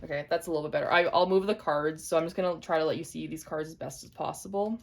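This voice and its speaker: A young woman giving an intuitive tarot reading to camera, speaking gently and repeating her points straight to the viewer. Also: low-pitched, steady tone, fast, vocal fry. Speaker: tarot reader.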